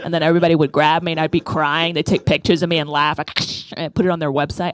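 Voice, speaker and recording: A woman's voice: sits low, little pitch movement, quick pace, hardly any pauses, no room sound. A woman, doing a rambling, self-deprecating stand-up routine into a stage mic. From the Bronx, New York. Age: 30s. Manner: rambling, self-deprecating, asks "right?" often. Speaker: stand-up comedian. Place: comedy club stage.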